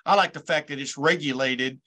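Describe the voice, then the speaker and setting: A man's voice: a little high, fairly quick, sharp tone. A man in his sixties hosting a casual sports chat, folksy and rambling, stammering now and then as he frames his questions. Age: 60s. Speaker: host.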